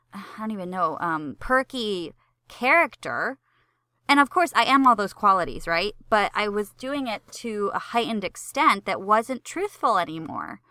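A young woman hosting a solo podcast on acting, talking candidly and casually swearing, her pitch jumping up when she gets excited. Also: no echo, clean studio sound. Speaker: podcast host and acting coach.

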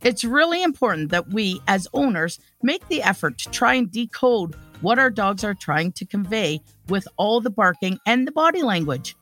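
A woman hosting a podcast, chatting with a guest and reading the show's outro in an upbeat, lively way. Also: mid-range voice, normal speed, hardly any pauses, soft background music. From Canada. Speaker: podcast host.

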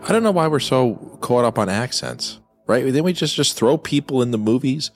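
A man's voice: mid-range voice, expressive, moderate pace, soft background music. A man co-hosting a movie watchalong, joking crudely and laughing a lot. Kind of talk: casual chat over a film.

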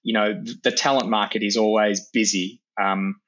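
A man's voice: on the low side, fairly even intonation, moderate pace, a bit bright, lo-fi sound. A man, a leadership coach, talks earnestly as a podcast guest with frequent fillers and restarts. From Australia. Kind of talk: podcast interview.

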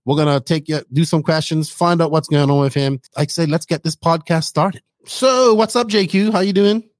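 A man hosting a hobby podcast, rambling casually through news and shout-outs. His voice sits a little high, and it is recorded dry and close with no room sound. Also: normal speed, no room sound. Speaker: podcast host.

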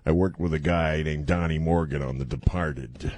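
A radio host doing a comic impression of a sly, drawling movie star with a teasing, menacing manner. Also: male voice, very deep voice, fairly even intonation, darkish tone, slight background noise, voice pushed down. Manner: teasing, leering, slow menace.

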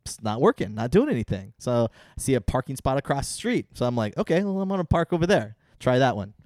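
A man's voice: mid-range voice, big pitch swings, quick pace, a little mellow, no echo, studio quality. A young man co-hosting a podcast in an easygoing, laughing way. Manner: laid-back, laughs a lot, says yeah often. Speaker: podcast co-host. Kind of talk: casual banter.

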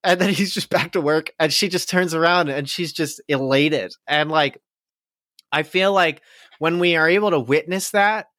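A man's voice: on the high side, normal speed, bright, forceful tone, no room sound, clean studio sound. A man co-hosting a podcast, rambling casually with many fillers and frequent laughter. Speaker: podcast co-host.

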